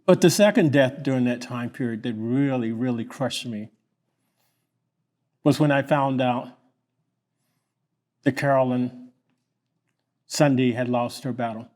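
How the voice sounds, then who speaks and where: A man from Kentucky who is a pastor, giving a halting, reflective memorial tribute. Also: mid-range voice, a little mellow. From Lynch, Kentucky.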